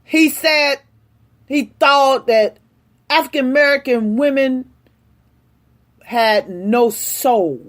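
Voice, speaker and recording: A woman delivering an impassioned, angry rant straight to her audience, speaking forcefully. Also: high-pitched, slow pace, pauses often. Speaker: vlogger. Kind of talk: impassioned direct-to-camera rant.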